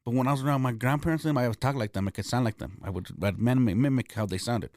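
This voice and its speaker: A man's voice: mid-range voice, fast talker, a little mellow, dry recording, studio quality. Blunt, profane man telling stories. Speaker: comedian guest. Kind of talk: candid podcast conversation. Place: recording studio.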